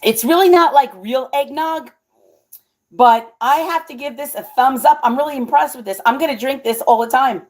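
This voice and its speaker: Excitable higher-voiced woman vlogging. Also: normal speed. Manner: excitable, keeps exclaiming and laughing. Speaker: cooking vlogger and channel host. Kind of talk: casual live cooking chat with viewers.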